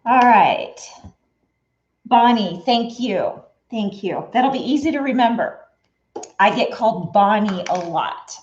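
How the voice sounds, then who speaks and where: Chatty lady hosting a sewing livestream, kinda high voice, echoey room, dull lo-fi sound. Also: animated, slow, darkish tone. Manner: chatty, greets viewers by name, laughs often. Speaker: quilting livestream host. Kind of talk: casual livestream chat.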